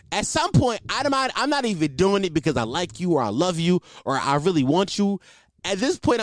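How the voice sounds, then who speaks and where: A man's voice: medium pitch, no room sound, clean studio sound. A young man telling comic stories in a loose, slangy way, laughing often and swearing freely. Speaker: comedian. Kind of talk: casual comedic storytelling.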